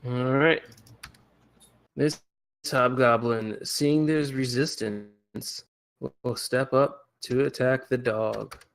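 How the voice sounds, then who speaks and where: A man running a tabletop game as game master, giving relaxed rulings with a dry chuckle. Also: mid-range voice, slow pace, vocal fry, smooth.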